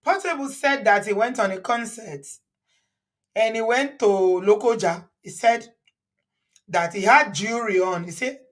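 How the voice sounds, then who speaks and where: A woman's voice: medium pitch, a little slow, distant mic. Nigerian female host, loose and chatty, recorded slightly off-mic. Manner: chatty, laughs often, mixes in Yoruba words. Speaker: host reacting to a video. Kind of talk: casual reaction chat.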